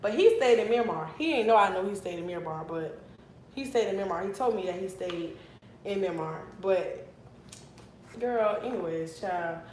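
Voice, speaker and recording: A young woman in her twenties telling a long story to her viewers in a casual, animated and profane way. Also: medium pitch, moderate pace, echoey room, slight background noise, poor audio. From Miami, Florida. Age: 20s. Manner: animated and profane, flaring into mock anger.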